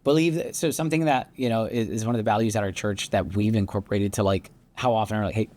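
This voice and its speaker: A man's voice: fairly low pitch, steady tone, fast, a little mellow. A man in his thirties co-hosting a faith-based marriage talk, speaking earnestly and reflectively with frequent restarts. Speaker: podcast co-host.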